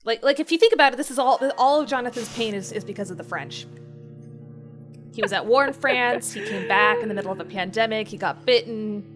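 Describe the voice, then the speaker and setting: A woman's voice: a little high, big pitch swings, a little fast, a bit bright, faint music behind. A woman co-hosting a gameplay video, chatty and supportive, talking with lots of fillers. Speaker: let's play co-host. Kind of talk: casual gameplay chat.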